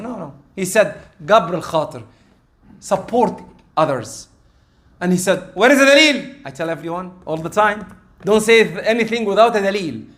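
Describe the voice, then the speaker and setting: High-voiced man preaching. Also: fairly bright tone. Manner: conversational preaching, recites Arabic verses. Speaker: imam giving a sermon. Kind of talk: sermon.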